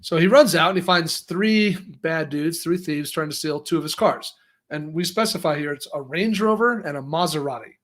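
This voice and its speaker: A man co-hosting a casual news commentary, talking in a lively way and restarting his sentences often. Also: fairly high pitch, moderate pace. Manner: lively, acts out quotes, frequent restarts. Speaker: co-host.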